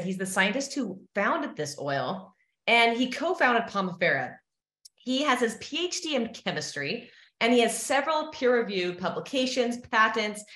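A woman's voice: mid-range voice, fairly bright tone, reverberant. A woman who directs training, introducing a guest on a webinar in an upbeat, enthusiastic way.

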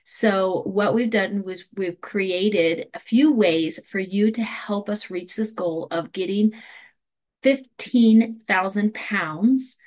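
A woman co-hosting a company call, hurrying through promotions in an excited, rushed way with frequent fillers and restarts. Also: mid-range voice.

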